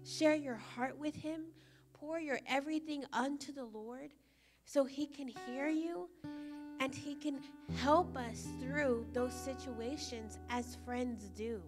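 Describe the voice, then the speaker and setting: A woman's voice: high-pitched, takes it slowly, soft background music. A woman giving a casual, chatty sermon at a church service, telling stories and often saying "like.". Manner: chatty storytelling, frequent "like". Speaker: church leader.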